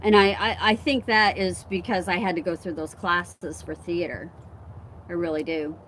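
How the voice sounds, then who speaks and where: A woman's voice: on the low side, fairly even intonation, moderate pace, fairly bright tone, slight background noise. A woman from Southern Illinois with a faint accent there, chatting casually and telling stories as host. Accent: faint Southern Illinois, on certain words. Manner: chatty, storytelling, agreeable asides. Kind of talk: casual chat.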